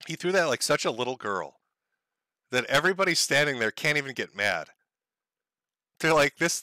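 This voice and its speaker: A man's voice: medium pitch, sharp tone, no echo. A man hosting a stream, giving sarcastic, profane commentary on a video clip. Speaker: stream host.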